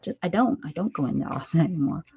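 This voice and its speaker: A woman's voice: low-pitched, animated, fast, creaky, warm tone, husky, highs cut off. A woman hosting a crafting livestream, chatting and rambling casually with viewers as she works. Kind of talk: casual chat while crafting.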